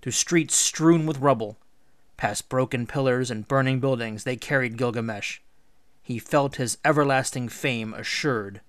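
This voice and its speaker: A teacher reading a storybook aloud in a measured, expressive way. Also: male voice, mid-range voice, no echo, clean studio sound. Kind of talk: read-aloud storybook narration.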